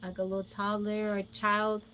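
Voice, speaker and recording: A woman livestreaming, telling stories in a casual, animated way, laughing often and acting out what people said. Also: medium pitch, normal speed, slight background noise. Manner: folksy, speaks to viewers directly. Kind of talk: casual storytelling chat.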